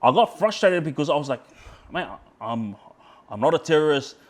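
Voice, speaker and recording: A man's voice: on the high side, animated, moderate pace. A man with an Australian accent, a podcast guest casually telling a story and quoting himself as he goes. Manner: rambling, repeats words and restarts, quotes himself.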